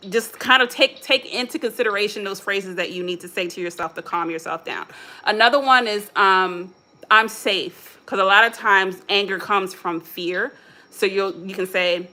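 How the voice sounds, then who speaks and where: Bright-voiced American woman giving casual motivational talk. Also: medium pitch. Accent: American English, Philadelphia and Chicago mix. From Philadelphia and Chicago. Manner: casual, candid, self-coaching with quoted self-talk; speaks straight to viewers as "y'all". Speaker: motivational host. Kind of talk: live-stream motivational talk.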